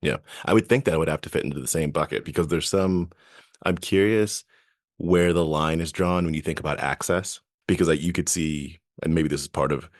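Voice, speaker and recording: Male co-host, extremely deep voice, reasoning aloud, dry recording. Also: brisk, no room sound. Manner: thinks aloud, restarts, reasoning. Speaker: podcast co-host. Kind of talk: casual chat.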